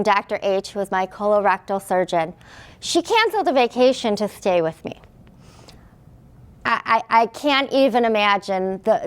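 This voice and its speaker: A woman in her thirties telling a personal patient story to an audience, quoting nurses and doctors and laughing through the painful parts. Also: medium pitch. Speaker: patient speaker.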